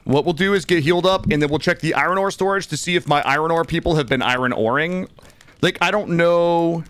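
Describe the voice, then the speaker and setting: A man's voice: a little high, fairly quick, a bit bright, clean tone, no room sound. An American man with a cold, chatting casually with viewers while streaming a game, rambling and restarting his sentences. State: has a cold. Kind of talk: casual gaming stream chat.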